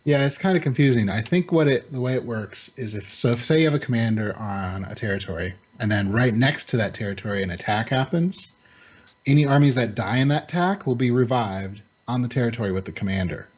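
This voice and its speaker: A man in a casual gaming chat who explains the rules calmly. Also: medium pitch, fairly quick, husky, lo-fi sound. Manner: calm, explanatory.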